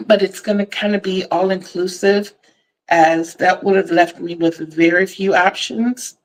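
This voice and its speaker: A woman's voice: lowish voice, poor audio. An older woman from Virginia, hosting a casual crochet livestream in a chatty, effusive way and repeating words for emphasis. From Virginia, USA.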